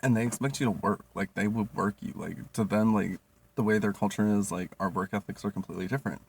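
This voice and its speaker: A young man spins a profane, animated storytime monologue, laughing often and leaning on filler words. His voice is low and gravelly with a husky edge. He sounds a little distant from the mic. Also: quick pace. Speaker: vlogger.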